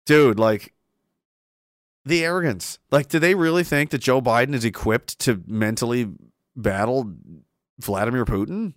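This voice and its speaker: A man's voice: medium pitch, unhurried, long pauses, dry recording. Sarcastic rambling man on a dry mic. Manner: rambling, sarcastic, lots of "like" fillers. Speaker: streamer reading chat. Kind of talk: casual live-stream commentary.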